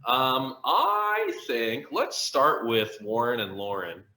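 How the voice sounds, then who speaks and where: A man's voice: medium pitch, wildly swooping pitch, takes it slowly, vocal fry, sharp tone, echoey room. A man hosting and explaining an improv game in a loose, upbeat way. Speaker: host. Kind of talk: video-call game explanation.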